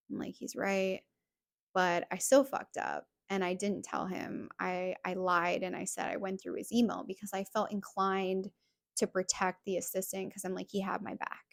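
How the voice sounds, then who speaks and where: A woman hosts a confessional podcast and walks through a personal story in casual, candid speech full of "like" and replayed conversations. Her mid-range voice has a gravelly, creaky edge, and the recording is dry, with no room sound. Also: mid-range voice, little pitch movement, moderate pace, dry recording. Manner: candid, recounts dialogue with frequent "like" and "I'm like". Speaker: podcast host.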